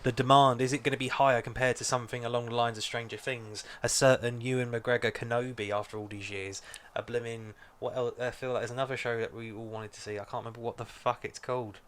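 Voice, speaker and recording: A man co-hosting a podcast, chatting casually with quick interjections. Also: mid-range voice, little pitch movement, clear, resonant tone. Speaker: podcast co-host. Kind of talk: casual chat.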